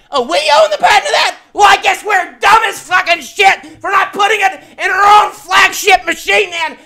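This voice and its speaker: A man's voice: very high-pitched, full character voice. A man voicing an angry, hot-tempered male gamer fan who rants, swears and stammers over his words in a comedic rant to camera. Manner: shouting rant, stammering repeats, heavy swearing.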